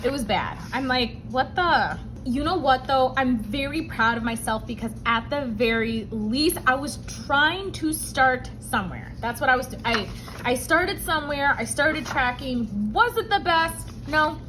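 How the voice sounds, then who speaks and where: A woman's voice: high voice, lively intonation, a little slow, pushed and bright, a little hiss or hum, poor audio. A woman hosting a budgeting vlog, telling a personal story with emotion and calling her viewers y'all. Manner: emotional, tearful at times, addresses viewers as y'all. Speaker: budgeting channel host.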